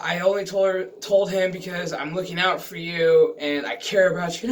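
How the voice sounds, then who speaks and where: A man's voice: high voice, animated, normal speed, fairly bright tone, slight background noise. A man vlogging a casual, profane review of a TV episode, exasperated and swearing freely.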